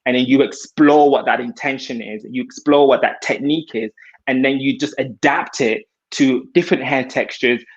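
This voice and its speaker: A man's voice: mid-range voice, normal speed, slightly rough, highs cut off. A male hairstylist speaking earnestly and reflectively on a video call, sharing his experience as a self-taught artist. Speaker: hairstylist guest. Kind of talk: heartfelt conversational sharing.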